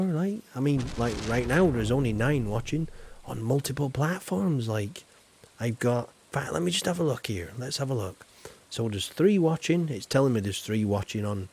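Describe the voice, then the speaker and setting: A man's voice: medium pitch, darkish tone. A man chatting casually on a live game stream, rambling and reading chat aloud.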